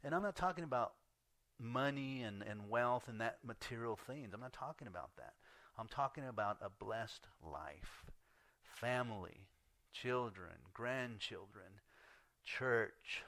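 A man's voice: lowish voice, unhurried, a bit bright, no echo. A man preaching a sermon as pastor, telling a story with acted-out dialogue and frequent laughter.

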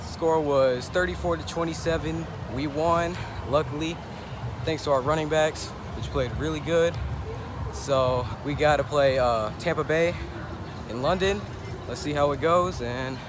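A man's voice: fairly high pitch, a little slow, noisy background. A young man talking casually and upbeat in a sports vlog, first outdoors after a game and later at home. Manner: upbeat, chatty, loose. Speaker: vlogger.

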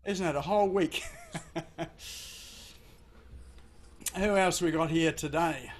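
A man's voice: fairly high pitch, a little fast. An Australian man hosting a video call, casual and full of fillers and restarts. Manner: hesitant, many fillers. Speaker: webinar host.

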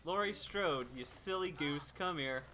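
A man with a fairly high, forceful voice commentates his game live, teasing and taunting the other players as he goes. Faint background hum sits under him. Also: measured pace. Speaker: streamer.

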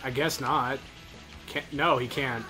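A man's voice: mid-range voice, steady tone, slow, music in the background. A man co-hosting a gaming video, making wry, teasing jokes in casual commentary.

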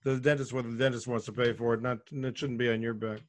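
A man's voice: medium pitch, little pitch movement, fast talker. A man hosting a webinar for periodontists over a video call, prodding his guest with questions and moving the discussion along. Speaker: host and periodontist. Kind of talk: moderating a webinar.

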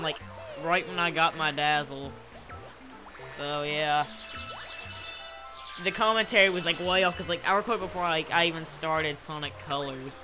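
Young male gaming commentator, rambling and punny, bright voice, headset mic. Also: fairly high pitch. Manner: rambling, jokey, making puns and goofy voices. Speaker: gaming channel host. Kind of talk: let's play commentary.

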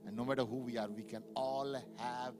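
A male pastor preaching a sermon to a live congregation, building from quiet reflection to loud, fervent exhortation. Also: mid-range voice, steady tone, fairly quick. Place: church sanctuary with live congregation.

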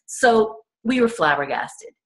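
Animated storytelling woman author. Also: on the high side, takes it slowly. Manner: vivid storyteller who acts out the voices in her stories; earnest and emphatic. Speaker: author and interview guest.

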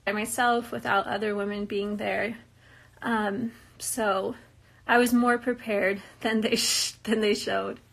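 A woman's voice: medium pitch, little pitch movement, slow pace, vocal fry. A young woman from the US reading viewer questions aloud and answering them in a casual, chatty way, laughing often. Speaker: reality show cast member answering viewer questions. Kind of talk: casual live Q&A chat.

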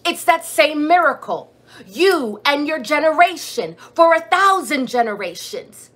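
A woman's voice: high voice, sing-song, measured pace, a bit bright. A woman preaching a sermon and leading prayer, building her points through repetition and rhetorical questions. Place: church or streamed prayer service.

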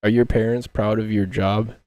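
A man's voice: lowish voice, level tone, moderate pace, warm tone. A man posing as a grandson on a prank call, bluntly mocking and taunting the caller.

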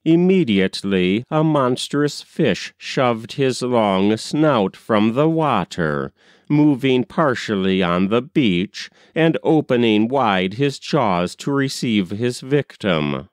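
Slow, expressive male storyteller. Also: medium pitch, no echo, clean studio sound. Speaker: audiobook narrator. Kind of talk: reading a story aloud.

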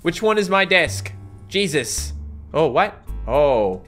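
A man doing jokey, excitable commentary while playing a video game, laughing often. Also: on the high side, slow, faint music behind. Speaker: gaming YouTuber. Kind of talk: let's-play commentary.

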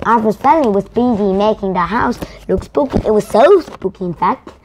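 A woman's voice: medium pitch, lively intonation, fairly quick, a little mellow, slight background noise. A woman whose first language is Korean, reading a picture book aloud with care and correcting herself as she goes. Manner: careful, with restarts and self-corrections. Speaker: storyteller.

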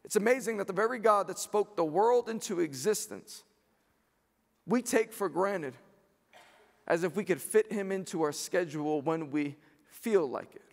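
A man's voice: sits high, gravelly, big-room sound. A pastor in his thirties preaching a chapel sermon with emphatic, repeated phrases. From New York. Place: university chapel.

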